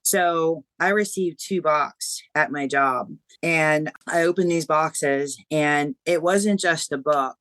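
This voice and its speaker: Animated woman author telling a story. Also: low-pitched, takes it slowly, few pauses, dry recording. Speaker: guest author. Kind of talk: podcast interview.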